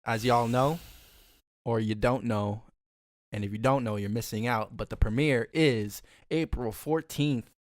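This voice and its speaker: A laid-back man co-hosting a podcast. He chats casually and easily in everyday slang. His voice is mid-pitched and sounds close and dry. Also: unhurried, dry recording. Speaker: podcast co-host. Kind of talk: casual chat.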